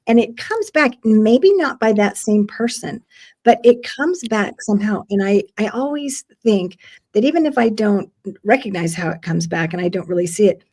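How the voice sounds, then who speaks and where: A woman's voice: medium pitch, moderate pace, a little mellow. A woman hosting a podcast interview, reflective and affirming as she responds to her guest. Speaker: podcast host. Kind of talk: interview conversation.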